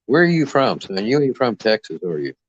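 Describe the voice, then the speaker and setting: A man's voice: mid-range voice, sing-song, fairly quick, breathy edge, dry recording. A man hosting a livestream, trash-talking a caller in a brash, profane, mocking way. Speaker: livestream host. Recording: dull lo-fi dry mic sound.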